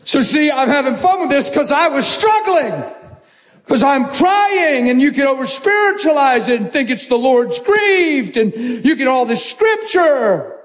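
A male preacher with a high voice delivers a sermon. He tells stories with energy, jokes and laughs along the way. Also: normal speed, few pauses. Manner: animated storytelling, joking and laughing. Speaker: pastor.

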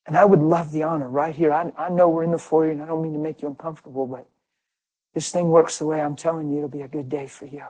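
A middle-aged preacher from Pennsylvania with a somewhat high voice, telling stories in a loose, conversational sermon. He leans hard on his points and keeps asking the crowd questions, then answering them himself. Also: flat delivery, fast talker, dark tone, low-quality recording. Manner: emphatic, asks rhetorical questions and answers them.

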